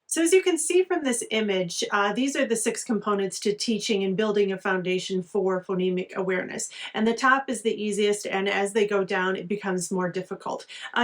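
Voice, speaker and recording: Woman teacher, instructional video, patient and explanatory, mid-pitched. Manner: patient, explanatory, slows down to sound out words.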